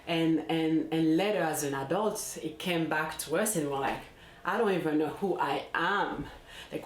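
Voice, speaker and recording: Low-pitched woman talking parenting to camera, kinda thinking out loud, repeats words a lot, roomy echo. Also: a little hiss or hum. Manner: thoughtful, repeats words while searching for them. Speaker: parenting channel host. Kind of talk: reflective solo talk to camera.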